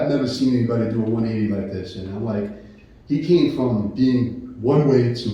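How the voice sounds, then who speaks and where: A man's voice: mid-range voice, warm tone. A man earnestly telling his Christian testimony in a casual, rambling way, often restarting and becoming emotional. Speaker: channel host giving his Christian testimony. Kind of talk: personal testimony, casual storytelling. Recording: very echoey room, voice picked up from a distance.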